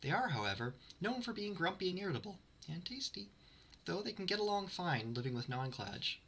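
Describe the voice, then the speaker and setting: A man's voice: high-pitched, sing-song, fast, fairly bright tone, a little hiss or hum. A man streaming to his chat, reading lore aloud and breaking off for dry, sarcastic, self-mocking asides.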